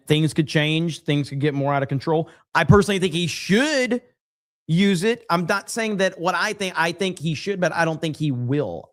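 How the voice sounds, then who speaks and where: A man hosting a casual political reaction show, opinionated and halting, with frequent fillers. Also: fairly high pitch. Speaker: political commentary host.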